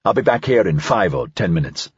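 A man's voice: low voice, sing-song, a little fast, breathy edge, no room sound, highs cut off, pitched below the performer's own voice, full character voice. A man voicing a seasoned male investigator who talks in a clipped, matter-of-fact way in an audiobook. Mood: measured. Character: seasoned male investigator, dry, measured, in charge.

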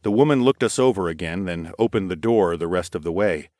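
A man reading an audiobook in first person with a steady, expressive delivery. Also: low-pitched, fairly quick, no room sound, clean studio sound. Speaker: audiobook narrator. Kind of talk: scripted narration.

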